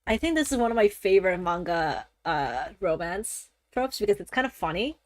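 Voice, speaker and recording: Woman, streamer, casual rambling chat, mid pitch, dry close recording. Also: moderate pace, no room sound. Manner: rambling, animated, laughs often, swears casually.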